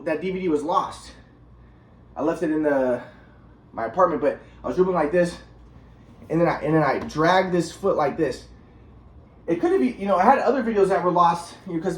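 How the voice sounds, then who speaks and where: Man, casual vlog monologue, rambling with restarts, quick delivery, roomy echo. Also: on the high side. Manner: rambling, restarts, acting out moves. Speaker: vlogger.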